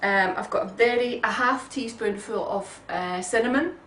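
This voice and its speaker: A woman giving a relaxed, homely cooking demonstration in her kitchen, chatting along with frequent ums. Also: on the high side, moderate pace, slight background noise. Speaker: home cook. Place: home kitchen. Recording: roomy kitchen sound from a distant mic.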